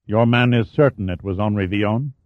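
A stern older male prime minister, read by a man narrating an audiobook, firm and clipped, low in pitch. The sound is dry and a touch dull. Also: brisk, no echo, lightly acted.

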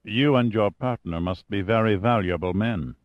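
A man voicing a suave, calculating male schemer who speaks in a smooth, purring way. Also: fairly low pitch, normal speed, no room sound, muffled recording, natural voice. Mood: smug.

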